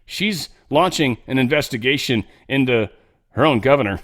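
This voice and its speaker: A man's voice: medium pitch, very animated, normal speed, a bit bright. A man hosting casual political news commentary, rambling and blunt, swearing freely and restarting his sentences often.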